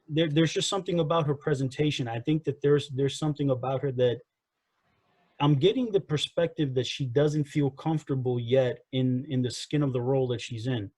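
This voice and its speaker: On a casual wrestling review podcast, a male co-host rambles through his opinions, repeating himself and leaning often on "you know" and "again." His voice is medium-pitched and a little mellow, with no room sound.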